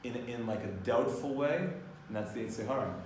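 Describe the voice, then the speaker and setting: A man's voice: mid-range voice, a little fast, slight background noise. Male teacher in an echoing room. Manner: lively, explanatory, mixing in Hebrew terms. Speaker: Torah teacher. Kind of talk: informal class lecture. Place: classroom. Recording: echoey room, distant mic, faint ambience.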